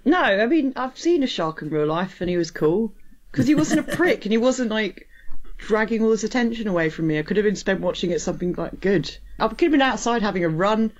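A woman's voice: medium pitch, animated, brisk. A woman co-hosting a casual film-review podcast, sarcastic and swearing, acting out mocking quotes. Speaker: podcast co-host.

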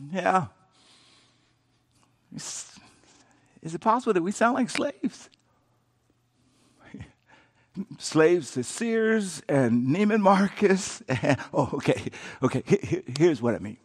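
A male pastor preaching a sermon with call-and-response, building up to shouting. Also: sits high, animated, slow, pauses often. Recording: long reverb of a large hall.

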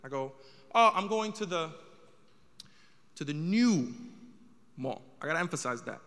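A man's voice: on the high side, animated, unhurried, long pauses, a bit bright, big-room sound. A young man doing a stand-up comedy set, telling a story with rising exasperation.

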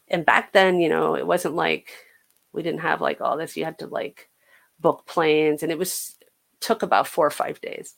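An American woman, a podcast guest, telling a personal recovery story in an earnest, halting way, with frequent restarts. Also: low voice, fairly even intonation, gravelly.

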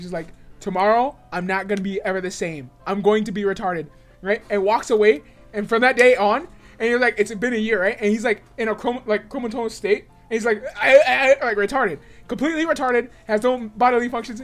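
A young woman in casual chat with friends, rambling through a story, laughing often and checking in with "right?". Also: a little high. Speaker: group chat participant posing a hypothetical.

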